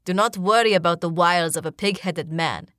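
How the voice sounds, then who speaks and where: A woman's voice: fairly low pitch, fairly quick, fairly bright tone, dry recording, lightly acted. Stern formal warrior guy, loyal and protective, a lady reading him in an audiobook, dry close sound. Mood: earnest.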